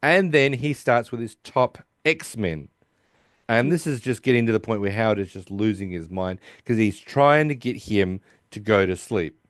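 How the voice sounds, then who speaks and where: A man's voice: lowish voice, lively intonation, normal speed, dry recording, studio quality. An Australian man hosting a podcast, recapping a TV episode in a loose, rambling chat and swearing casually. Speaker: podcast host.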